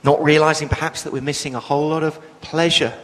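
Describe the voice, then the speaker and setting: A man's voice: steady tone, fast talker, a bit bright. A man delivering a sermon with a somewhat raised voice that rings through a large, reverberant hall. He preaches with passion and emphasis, lifting and dropping his voice to press each point. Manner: passionate, emphatic, with sudden swells in pitch and volume.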